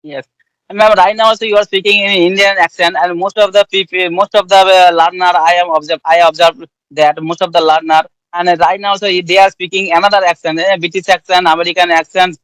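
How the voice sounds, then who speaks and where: A man hosts a casual interview, asking polite, halting questions with frequent restarts. His voice is high for a man and stays flat in tone. The recording is dry and close. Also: dry recording, poor audio.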